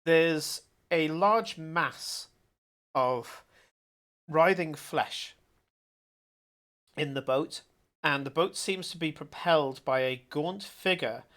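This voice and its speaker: Animated game master, higher voice. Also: male voice, takes it slowly, long pauses. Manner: animated, shouting out character lines. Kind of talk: narrating a tabletop game.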